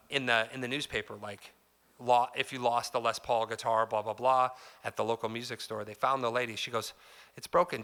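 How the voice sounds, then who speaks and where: A man talks to a live crowd at a music store clinic, loose and chatty as he acts out the people in his story. His voice sits at an everyday pitch for a man. It has a bright, forceful edge. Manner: chatty and loose, heavy on "like" and "dude", acts out quotes. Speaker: guest guitarist giving a store clinic. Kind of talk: casual storytelling to a live audience.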